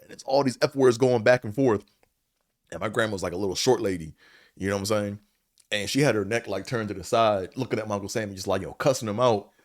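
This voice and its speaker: Low-voiced man telling a rambling story. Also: quick pace, dry recording, clean studio sound. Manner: rambling, many fillers, casual swearing. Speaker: podcast host. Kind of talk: casual storytelling and reflection.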